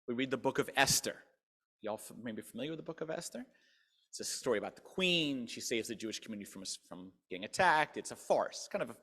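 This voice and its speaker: Animated middle-aged rabbi in a reverberant hall. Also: male voice, medium pitch. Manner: animated, folksy storyteller. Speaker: rabbi, guest speaker. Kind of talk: storytelling speech to a civic club.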